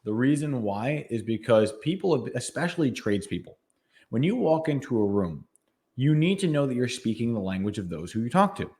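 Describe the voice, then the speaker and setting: A man's voice: medium pitch, big pitch swings, fairly quick, darkish tone. Emphatic motivational male podcast co-host. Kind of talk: casual podcast chat.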